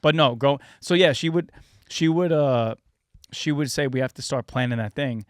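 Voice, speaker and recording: A man's voice: medium pitch, normal speed, no room sound, studio quality. Rambling, loose-talking podcast host man. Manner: loose and rambling, heavy on filler words, swears freely. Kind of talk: casual chat.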